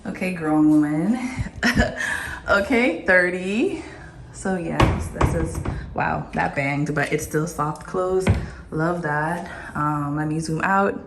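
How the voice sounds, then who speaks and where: A woman giving a casual, excited tour of her new apartment, chatty and playful with slang, filming on her phone. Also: deep voice, slow pace, noisy background. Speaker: vlogger. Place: large empty apartment indoors. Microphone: phone held in hand. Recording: echoey empty rooms, phone mic.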